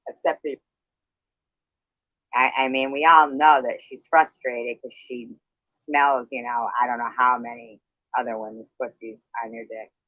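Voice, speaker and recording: A man's voice: medium pitch, flat delivery, a little slow, pushed and bright, no echo. A man in a heated livestream argument, hostile, profane and accusing. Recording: dull lo-fi stream audio.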